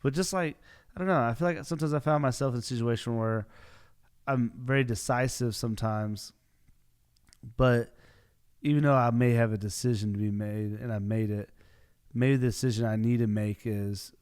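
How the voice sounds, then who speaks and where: A man's voice: mid-range voice, darkish tone. A young man hosting his podcast, chatting casually and rambling with lots of filler words and self-corrections. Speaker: podcast host. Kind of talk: casual solo podcast chat.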